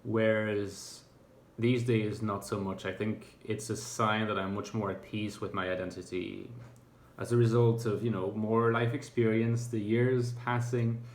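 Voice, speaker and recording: Low-voiced man musing in an echoey room. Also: level tone, unhurried. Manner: hesitant, thoughtful, many fillers and restarts. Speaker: YouTuber. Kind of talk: reflective casual monologue.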